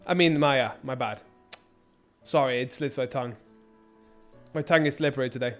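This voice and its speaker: A man's voice: mid-range voice, moderate pace, soft background music. A man streaming a game and chatting with viewers, rambling, crude and sarcastic, with many restarts. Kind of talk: casual gameplay commentary.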